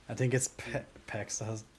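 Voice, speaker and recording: A man's voice: mid-range voice, little pitch movement, moderate pace, slight background noise. A male streamer chatting casually while gaming, rambling and self-mocking, on a desk mic beside a clicky mouse. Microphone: desk mic near a clicky mouse.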